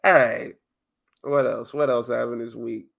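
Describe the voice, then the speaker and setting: A man co-hosting a wrestling podcast, casually retelling events with animated, laughing storytelling. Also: medium pitch, measured pace, vocal fry. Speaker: podcast co-host.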